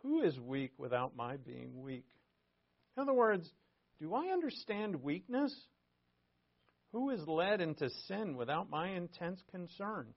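A man delivers a sermon that moves between scripture reading and relaxed, conversational explanation. His voice sits a little high. The recording sounds dull and lo-fi. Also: measured pace, vocal fry. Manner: reads scripture aloud, then explains it conversationally with asides. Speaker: pastor. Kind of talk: verse-by-verse sermon.

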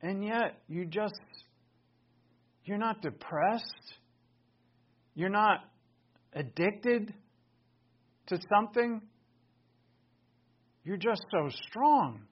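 A pastor preaching a sermon, emphatic and full of rhetorical questions. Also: male voice, high-pitched, lively intonation, drawn-out words, pauses often, lo-fi sound.

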